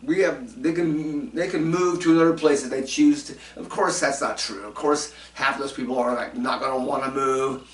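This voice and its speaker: A man's voice: medium pitch, fairly even intonation, moderate pace, hardly any pauses, a bit bright. Rambling man, roomy distant mic. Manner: rambling, many fillers and restarts, chuckling asides. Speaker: show host doing commentary segments. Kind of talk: casual rambling commentary.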